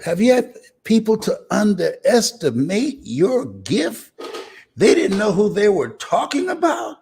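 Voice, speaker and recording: An older man delivers a live motivational speech in an emphatic, preacher-like style, repeating phrases and bursting into hearty laughter. His voice is high-pitched with big swings in pitch, and he speaks unhurriedly with vocal fry. The tone is slightly mellow and husky.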